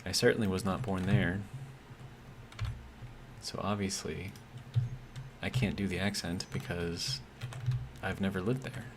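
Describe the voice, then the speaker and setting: A relaxed male game streamer with a fairly low voice talks through his build and reads chat aloud. He is easygoing and hesitant, often pausing on ums and correcting himself mid-sentence. A faint hum of noise sits behind him. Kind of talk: casual live-stream commentary, reading chat aloud.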